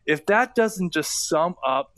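A man co-hosts a sports radio show in a somewhat high voice, caught in a dry, close studio sound. He chats casually and tells stories with animation, stumbling over quick restarts as he goes. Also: lively intonation, fairly bright tone, no room sound. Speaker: radio co-host and former hockey player.

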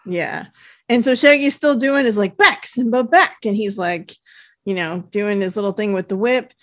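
A woman's voice: mid-range voice, normal speed, no room sound, clean studio sound. A woman co-hosting a podcast, casually recapping a cartoon episode and quoting characters in put-on voices. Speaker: podcast co-host.

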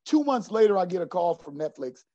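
Sharing his faith story in an interview, a middle-aged basketball coach speaks fairly quickly in a rather high voice. His manner is earnest, lively at moments, frequently dropping low and quiet. The sound is dry and a bit dull, with no room sound.

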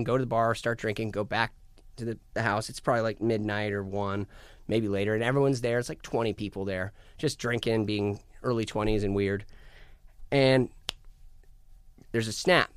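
A man in casual chat, telling wild stories with a loose, profane energy and jumping into other people's voices. His pitch sits in the middle range. The sound is close and dry. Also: clean tone, no echo. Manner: animated, swearing, acts out quotes. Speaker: musician guest. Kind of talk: casual storytelling.

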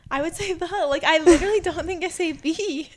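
A woman's voice: very high voice, racing. A young adult woman in casual chat with friends, teasing and arguing her point playfully. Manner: playful, argumentative.

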